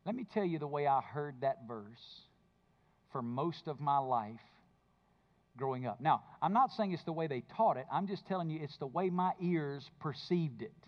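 A man preaching a sermon, moving between low intimate speech and loud emphatic bursts. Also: lively intonation, moderate pace, muffled recording. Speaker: pastor.

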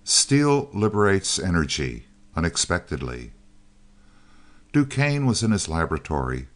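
A man narrating an audiobook in a steady, measured reading style. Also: deep voice. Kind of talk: scripted narration of a science-fiction novel.

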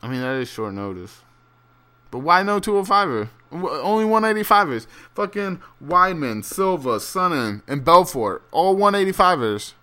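A man's voice: a little high, sing-song, moderate pace, bright, forceful tone. A man rambling through a casual, profane solo monologue with many fillers and restarts, turning incredulous and ranting at times. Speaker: solo fight commentator.

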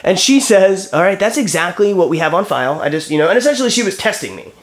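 A man's voice: sits high, expressive, fast. A man in his thirties telling a story in casual chat, acting out phone calls and swearing freely. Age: 30s.

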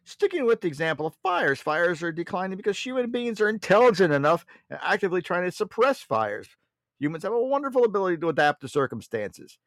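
A blunt, mocking male talk show host speaking in a fairly high, lively voice that rises and falls a lot. The sound is dry and close. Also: fast, dry recording. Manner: blunt, mocking, keeps addressing listeners as folks. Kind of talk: political talk show monologue.

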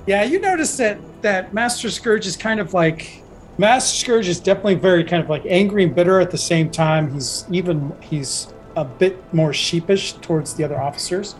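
High-voiced man running a tabletop game. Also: moderate pace, soft background music, low-quality recording. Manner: rambling, full of fillers and restarts. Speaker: game master.

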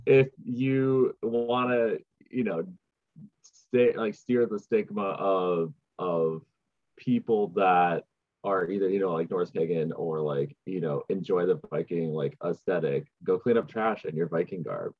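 A man chatting casually as a podcast co-host, talking haltingly with lots of fillers. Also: deep voice, no room sound. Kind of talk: casual chat. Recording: dull lo-fi sound.

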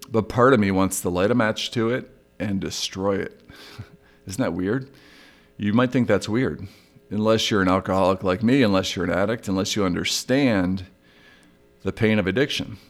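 Hosting a solo recovery podcast, a middle-aged man talks candidly and reflectively about his own struggles. His voice sits on the low side and moves at a normal speed.

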